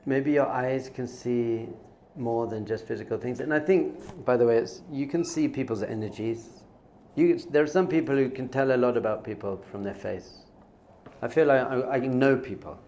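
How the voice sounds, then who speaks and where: Conversational rabbi giving a lesson. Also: male voice, medium pitch, measured pace, a little mellow. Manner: conversational, repeats phrases, mixes in Hebrew terms. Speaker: rabbi teaching. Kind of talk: informal spiritual lesson.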